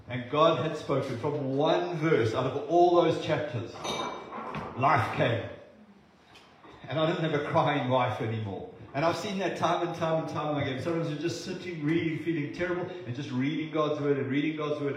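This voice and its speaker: A man's voice: a little high, moderate pace, slight background noise. A man from South Africa preaching a sermon as pastor, earnest and repeating words for emphasis. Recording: very echoey room, voice from a distance.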